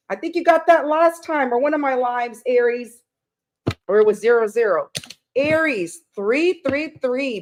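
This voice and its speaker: A woman's voice: a little high, a little hiss or hum. A woman hosting a casual live-stream tarot reading, chatting and greeting viewers with pet names. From Canada.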